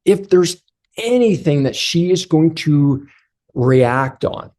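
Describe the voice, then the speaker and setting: A man's voice: on the high side, animated, takes it slowly, a little mellow. A man giving a blunt, direct motivational coaching talk to other men about relationships, speaking straight to his listeners as brothers.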